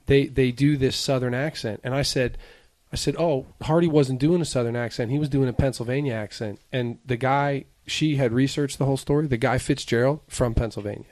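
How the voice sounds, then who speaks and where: A man's voice: medium pitch, steady tone, brisk, darkish tone, no room sound. A man co-hosting a podcast, telling an emphatic anecdote in casual chat. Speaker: podcast co-host.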